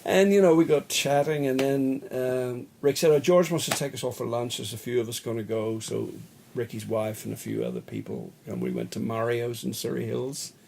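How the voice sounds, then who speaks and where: A middle-aged Australian man, a bass player, telling rambling anecdotes in a casual interview, often laughing. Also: fairly even intonation, normal speed, gravelly, a little mellow, a little hiss or hum. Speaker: guest musician, bass player.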